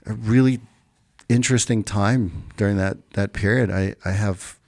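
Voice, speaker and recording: Gravelly man telling his own story. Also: fairly low pitch, moderate pace, dry recording, clean studio sound. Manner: animated when acting out quotes, laughs while telling. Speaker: podcast guest. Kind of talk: casual storytelling.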